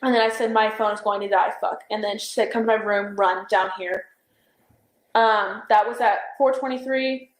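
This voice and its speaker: A woman's voice: mid-range voice, steady tone, moderate pace, reverberant, poor audio. A young woman in a police interview, recounting events in a hesitant, rambling way full of "like" and "I don't know". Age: young adult.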